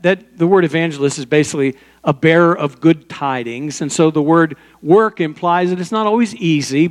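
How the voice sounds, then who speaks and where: A man's voice: a little high, in a large hall. An older man preaching a sermon as pastor, in a conversational way with personal stories and small asides.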